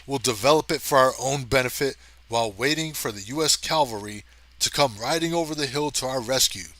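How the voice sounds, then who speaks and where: A man voicing a huge, brawny male space ranger in a storybook reading, gruff and teasing, in a mostly plain voice. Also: mid-range voice, brisk, pushed and bright, lightly acted, low-quality recording. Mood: bossy. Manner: gruff, teasing, meant as Irish but plain.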